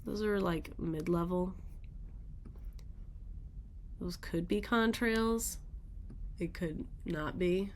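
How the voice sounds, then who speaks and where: A woman's voice: lowish voice, slow, long pauses, darkish tone, slight background noise. A woman hosting a daily weather radar show, thinking aloud in casual, rambling commentary as she looks at the maps.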